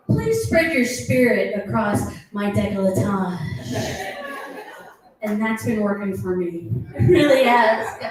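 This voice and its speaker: A middle-aged woman performing a stand-up comedy set, animated, dropping lower to mimic her husband. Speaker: stand-up comic. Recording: roomy echoing venue, mic heard from a distance.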